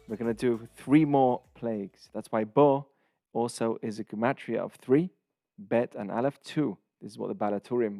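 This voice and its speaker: A man's voice: lowish voice, darkish tone, dry recording, clean studio sound. Man teaching a casual Torah lesson. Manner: explains in short phrases with pauses, glossing Hebrew terms.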